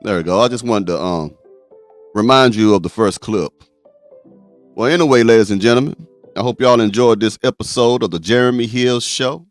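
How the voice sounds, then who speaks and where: A man's voice: mid-range voice, normal speed, soft background music. A man hosting a show, reacting crudely to clips and retelling them. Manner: crude, animated storytelling. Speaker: host.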